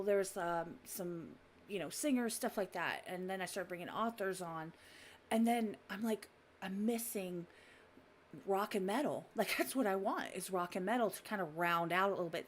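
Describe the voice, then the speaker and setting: Giggling and chatting, this podcast host swears without holding back in a loose, unscripted conversation. Her voice is medium in pitch, and a faint hiss or hum runs under the audio.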